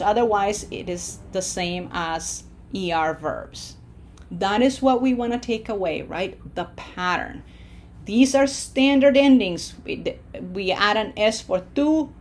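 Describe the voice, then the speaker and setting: A woman teaching a slide-based Spanish lesson, modeling words slowly and clearly and checking in with "okay?". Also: mid-range voice. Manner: slow, deliberate, drawls out Spanish models loudly for repetition, checks in with "okay?".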